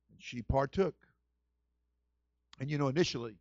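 A man preaching a sermon as senior pastor, with a lively storytelling manner that swings from loud to soft. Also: mid-range voice, moderate pace, long pauses, no room sound, highs cut off.

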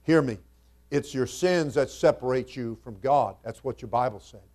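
A male pastor delivering a sermon at a medium pitch. He talks casually and thoughtfully, then builds to loud, emphatic stretches as he reads scripture in old-fashioned wording. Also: normal speed. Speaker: senior pastor.

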